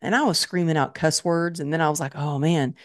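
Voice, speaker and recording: A woman's voice: sits low, quick pace. Woman, interview guest, vivid first-person storytelling. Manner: vivid retelling, acting out her own past thoughts.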